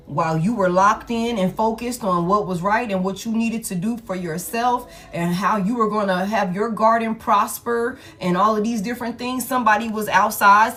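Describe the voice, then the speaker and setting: A woman giving a casual tarot reading, talking bluntly with lots of swearing and frequent laughter. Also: mid-range voice. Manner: blunt, profane, animated, laughs often. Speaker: tarot reader.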